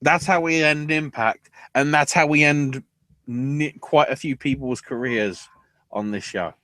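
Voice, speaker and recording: Man, podcast host, animated profane recap, bright voice. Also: a little high, unhurried, no room sound. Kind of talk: casual wrestling recap.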